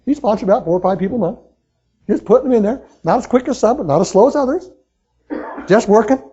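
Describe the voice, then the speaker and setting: A man speaking as a motivational speaker at a sales meeting, talking excitedly and pushing the crowd with questions in a live seminar talk. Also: high-pitched, fast, husky, highs cut off. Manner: excitable, pushy, talks straight to the crowd with questions.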